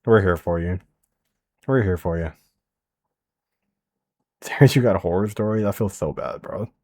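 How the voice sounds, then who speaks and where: A man's voice: low voice, normal speed, a little mellow. A man streaming, chatting casually with his viewers in a laid-back way, swearing freely. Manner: laid-back, swears a lot, addresses chat directly. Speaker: streamer reacting to a video.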